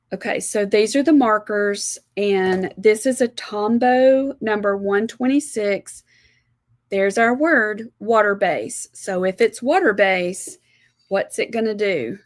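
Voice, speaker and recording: A woman's voice: medium pitch, no room sound. A woman from South Alabama with a Southern American accent, chattily walking viewers step by step through a live watercolor demonstration. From South Alabama, USA. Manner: chatty, homey, explains step by step. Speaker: art instructor.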